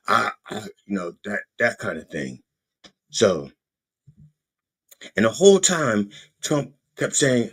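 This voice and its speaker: A man hosting a podcast, delivering an animated, profane comedic political rant with frequent stammered restarts. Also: a little high, moderate pace, husky. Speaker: podcast host.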